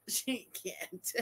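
A woman streamer reacting live, her voice high and bright with a tense edge. She swears freely and bursts into laughter and indignant rants, and she thanks viewers between outbursts. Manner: excitable, profane, laughing outbursts.

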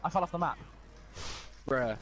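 A young man playing an online shooter with a friend, loud and excitable, swearing and laughing often. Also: fairly high pitch, moderate pace. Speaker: gamer streamer. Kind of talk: excited gaming banter.

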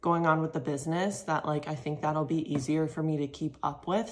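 A woman's voice: deep voice, fairly even intonation, brisk, a little mellow. A young woman chatting casually to her vlog camera at home, rambling with lots of fillers, her voice a little groggy from just waking up. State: morning voice, a bit low and groggy. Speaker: vlogger. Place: home kitchen, coffee machine running.

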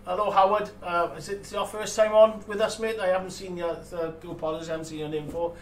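A chatty man with a fairly high voice hosts a live stream from his workshop. He laughs often and stumbles through restarts and fillers. His voice is a little far from the mic in an echoey room, with faint background noise. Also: little pitch movement, fast talker. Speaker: host of a live model-making stream. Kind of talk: casual livestream chat.

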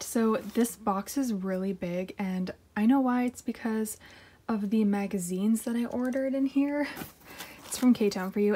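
Brief: gushing woman vlogger, mellow tone, giggly and chatty as she unboxes. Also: medium pitch, slight background noise. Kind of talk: casual unboxing chat.

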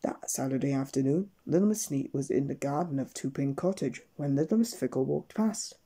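Male storyteller, gentle bedtime reader, warm low tone with a husky edge. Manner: gentle, unhurried storybook reading.

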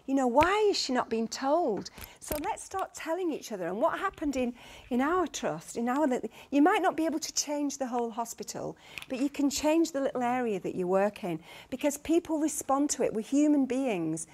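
A middle-aged Englishwoman with a Lancashire accent, speaking as a guest at a professional masterclass. Her voice sits a little high for a woman. She tells stories with earnest energy, often breaking off mid-word and starting again. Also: moderate pace. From Lancashire, England. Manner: earnest, lively storytelling with many restarts. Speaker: guest speaker, consultant midwife. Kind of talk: conference talk.

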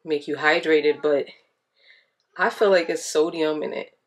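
Chatty mom vlogger, lowish voice. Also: female voice, steady tone, measured pace. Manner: chatty, talks to viewers directly; patient, coaxing with her child. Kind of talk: casual home vlog chat. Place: apartment home. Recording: noisy home recording with clicks.

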